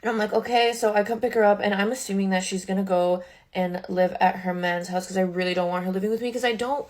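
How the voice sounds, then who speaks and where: A woman's voice: mid-range voice, fairly even intonation, fast, darkish tone. A young adult woman, a social media creator, telling a casual storytime from her bedroom makeup table, chatty and full of "like" with indignant asides.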